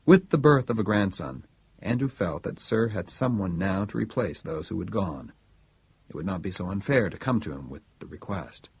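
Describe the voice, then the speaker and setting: Very husky male audiobook narrator. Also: sits low, animated, normal speed.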